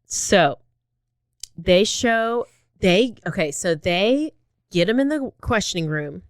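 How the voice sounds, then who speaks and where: A woman co-hosting a casual true-crime podcast, telling the story in animated bursts with sudden jumps in pitch. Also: takes it slowly, no room sound, clean studio sound. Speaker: podcast co-host.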